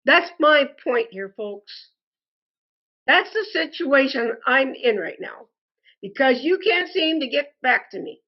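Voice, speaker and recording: A frustrated woman delivering an indignant complaint monologue, speaking deliberately and calling her listeners "folks". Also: sits high, animated, muffled recording. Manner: slow, deliberate and indignant, addresses viewers as "folks". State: frustrated and angry. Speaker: customer posting a complaint review.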